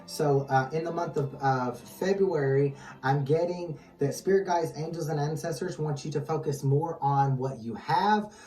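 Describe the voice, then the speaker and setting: A tarot channel host leading a reading, calm and steady, repeatedly calling on guides, angels and ancestors. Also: mid-range voice, moderate pace, few pauses. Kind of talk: tarot reading, casual chat. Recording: echoey distant mic with music underneath.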